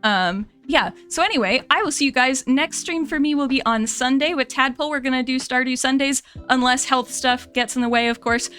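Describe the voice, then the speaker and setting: A woman's voice: high voice, fairly quick, few pauses, a bit bright, clear, resonant tone, soft background music. A young American woman streamer, chatting casually to her viewers, rambling and laughing and correcting herself as she goes.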